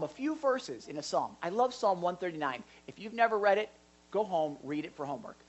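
Pastor, live sermon in a church hall, animated and excitable, chatty asides. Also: mid-range voice, brisk, highs cut off. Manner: animated, gets excited and louder; jokey asides to the congregation.

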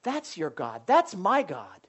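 A pastor preaching a sermon in a loose, conversational way, with jokes and asides to the congregation. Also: male voice, sits high, wildly swooping pitch, slow pace, breathy edge.

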